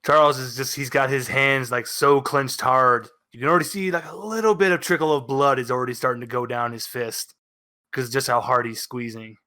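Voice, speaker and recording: A man's voice: medium pitch, steady tone, brisk, bright, forceful tone. A man playing a tabletop game, describing his character's actions in vivid, dramatic detail. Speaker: player.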